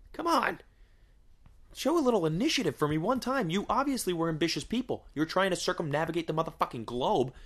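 A man's voice: fairly high pitch, fairly bright tone. A man riffs casually on his podcast in a crude, joking way. He swears constantly and keeps asking rhetorical questions as he rambles. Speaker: podcast host. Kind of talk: casual comedic podcast monologue.

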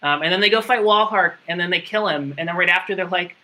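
A man's voice: high voice, quick pace, few pauses, sharp tone, poor audio. A man casually recapping a game plot in a rambling, sarcastic, profane way, full of fillers. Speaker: podcast co-host recapping a game story. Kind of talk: casual chat.

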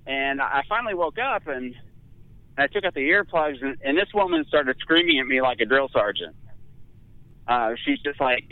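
A man's voice: mid-range voice, lively intonation, moderate pace, no room sound, phone-quality sound. A man guest telling a candid, self-mocking personal story in casual conversation.

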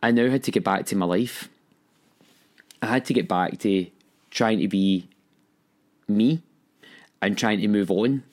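A man's voice: lowish voice, unhurried, pauses often, darkish tone. A young man telling his own story candidly and with emotion. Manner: candid, emotional, acts out quoted voices. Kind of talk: personal storytelling.

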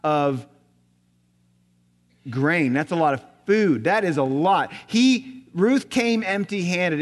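Man preaching a sermon in a reverberant hall. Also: fairly high pitch. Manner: storytelling, rhetorical questions, drops to soft voice. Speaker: pastor.

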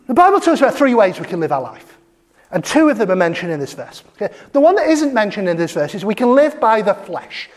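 Emphatic preacher with a mid-pitched voice. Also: big pitch swings. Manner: emphatic, asks the congregation questions, repeats "okay?"; reads scripture verses aloud, slowing for emphasis. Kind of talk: sermon.

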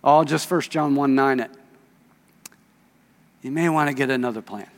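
A man's voice: mid-range voice, moderate pace. Man preaching in a reverberant church. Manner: conversational, reads scripture aloud and asks the congregation questions. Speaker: pastor. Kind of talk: sermon. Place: church sanctuary. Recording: long reverb of a church hall.

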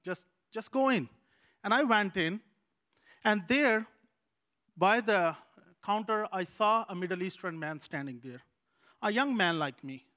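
High, bright-voiced pastor. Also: male voice, lively intonation, measured pace, pauses often. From Pakistan. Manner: earnest, repeats phrases for emphasis. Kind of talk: sermon told as a personal story.

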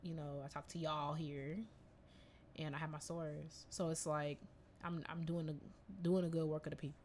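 A young woman in her twenties co-hosting a casual podcast chat, animated and slangy, laughing often. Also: sits low, moderate pace, slight background noise. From Jamaican family ties. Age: 20s. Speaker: podcast co-host.

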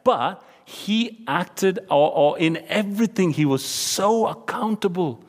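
A male pastor preaches in a somewhat high voice, animated and conversational, acting out the voices of the people he quotes. He drops to a near hush to drive points home. The sound carries a long hall reverb. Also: slow. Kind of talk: sermon.

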